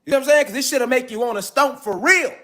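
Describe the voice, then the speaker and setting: A man's voice: very high voice, fast talker, bright, forceful tone. A man giving a profane, preachy lecture to his viewers, full of repeated call-and-response asides. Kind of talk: street-style lecture to viewers.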